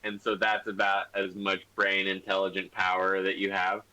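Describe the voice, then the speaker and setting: A man's voice: low voice, monotone, normal speed, sharp tone, rough recording. A man narrating a tabletop game as game master, rambling with many fillers. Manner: rambling, full of "like" and "um".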